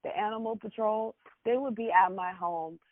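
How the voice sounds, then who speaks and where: Panelist, male, blunt and animated, dry tinny phone-like sound. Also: high voice, moderate pace, dry recording. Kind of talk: casual talk show chat.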